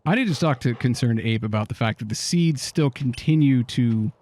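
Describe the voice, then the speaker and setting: A man co-hosting a relaxed game stream, chatting and thinking out loud as he plays. His voice sits in a middle range, with faint game music underneath. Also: medium pitch, moderate pace. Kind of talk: casual let's-play chat.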